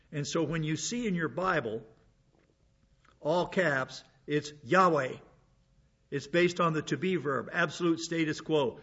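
A man's voice: fairly high pitch, fairly bright tone, muffled recording. A man giving an informal Bible lesson, chatting along, repeating words and asking rhetorical questions. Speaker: Bible teacher.

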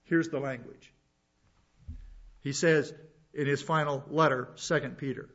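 A man's voice: mid-range voice, fairly even intonation, a little slow, pauses often, fairly bright tone. A man preaching a sermon, reading scripture and explaining it verse by verse with plain asides. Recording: dull lo-fi sound.

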